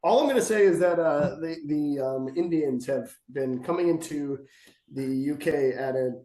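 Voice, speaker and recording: A man's voice: a little high, normal speed, dark tone, reverberant, rough recording. A man co-hosting a sports betting podcast in casual, joking chat, teasing his co-hosts. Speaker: podcast co-host.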